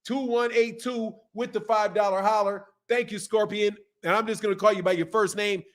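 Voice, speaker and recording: A man's voice: high voice, fairly even intonation, moderate pace. A man in his fifties hosting a boxing channel, talking in loose slangy live-stream chat and laughing often. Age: 50s.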